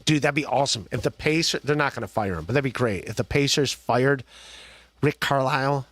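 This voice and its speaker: A man's voice: medium pitch, brisk, fairly bright tone, dry recording. Rambling male podcast host, dry sound. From Ohio. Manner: rambling, laughs often, many restarts and fillers. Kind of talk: casual rambling livestream chat.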